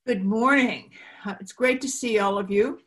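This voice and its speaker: A woman giving a children's talk in a church service, telling a story slowly and gently with props. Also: fairly high pitch.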